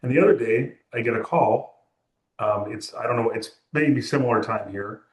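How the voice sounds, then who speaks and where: A man's voice: medium pitch, normal speed. A music photographer from California, a man, chatting as an interview guest and rambling through anecdotes with quoted dialogue. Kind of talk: relaxed interview storytelling. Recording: roomy echo.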